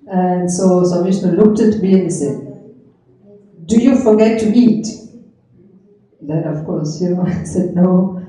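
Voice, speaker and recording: A middle-aged woman, a swami and yoga teacher, recalling memories of her teacher with gentle storytelling and frequent soft laughter. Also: fairly low pitch, a little hiss or hum. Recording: very echoey room.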